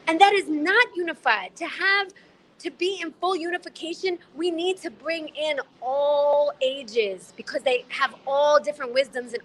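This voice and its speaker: A woman's voice: very high voice, fairly bright tone. A woman speaking as a panelist, passionate and preachy. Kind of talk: panel talk.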